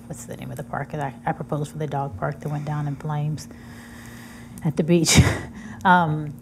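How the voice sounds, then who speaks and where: A woman's voice: deep voice, dark tone, a little hiss or hum. A woman on a city committee speaking conversationally and asking questions. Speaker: committee member. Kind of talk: committee meeting discussion.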